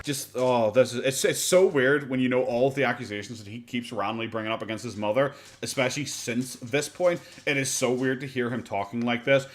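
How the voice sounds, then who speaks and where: A man's voice: medium pitch, steady tone, brisk, hardly any pauses. Sarcastic Irish man, profane reaction talk. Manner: sarcastic, profane, laughs often. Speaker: commentator reacting to a video. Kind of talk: casual reaction commentary.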